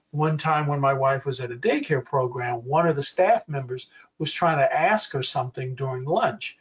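A man in his sixties giving an educational workshop talk, speaking slowly and clearly and acting out quoted examples. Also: mid-range voice, distant mic. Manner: slow, deliberate, acts out quoted examples. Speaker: workshop presenter. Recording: dull lo-fi audio.

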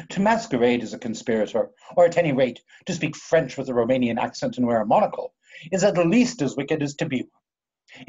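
A man playing a vain, pompous older English gentleman in a play reading over a video call, with a drawling, theatrical delivery. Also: a little high, husky. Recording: dull lo-fi video call audio.

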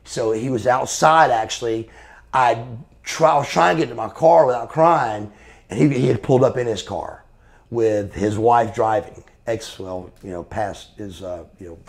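Speaking at normal speed in a gravelly, mid-range voice, a former pro wrestler in his forties is interviewed. Casual and blunt, he swears through his stories and calls the listener brother.

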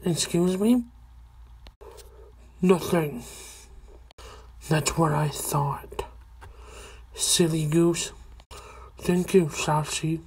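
A woman hosting her own channel in casual video chat, talking in halting, stop-start phrases. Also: deep voice, fairly even intonation, darkish tone, husky. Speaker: channel host.

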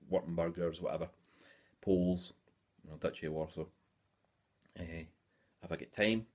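A man's voice: low voice, a little mellow. A Scottish man in his forties chatting casually in a hobby vlog, rambling along with lots of "eh" fillers. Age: 40s. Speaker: hobby YouTuber.

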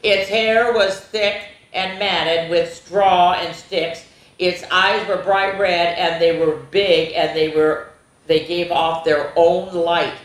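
Expressive woman reading a spooky kids' story. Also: on the low side, slow. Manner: expressive, gasps and asides to young listeners. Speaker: children's storyteller. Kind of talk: reading a spooky picture book aloud to kids. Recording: roomy echo.

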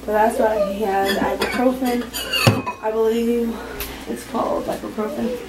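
A woman's voice: on the high side, steady tone, a little slow. Casting: young mother, casual home vlog talk to a handheld camera, chatty, background noise. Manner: chatty, soothing baby in a sing-song voice. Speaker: vlogger, mother.

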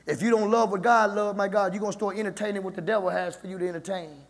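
Male pastor, high gravelly voice, sermon rising to shouts, long church reverb. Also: fairly even intonation, fast talker. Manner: preaching that builds to shouting. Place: church sanctuary.

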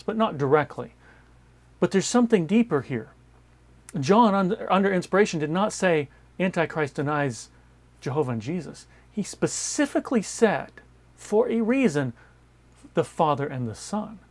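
A man preaching a Bible study sermon in an emphatic way, repeating key phrases and moving between loud stresses and quiet asides. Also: on the high side, very animated, moderate pace. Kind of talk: sermon-style Bible teaching.

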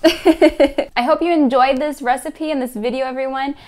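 A woman with a slightly hoarse voice from a cold, chatting casually and giggling as she shares a recipe in her home kitchen. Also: high-pitched, steady tone, normal speed, darkish tone. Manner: bubbly and giggly. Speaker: cooking vlogger. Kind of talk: casual cooking video chat.

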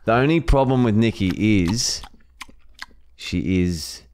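A man's voice: on the low side, lively intonation, slow, darkish tone, a little hiss or hum. An Australian man co-hosting a crude comedy podcast, laid-back, teasing and swearing. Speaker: podcast co-host.

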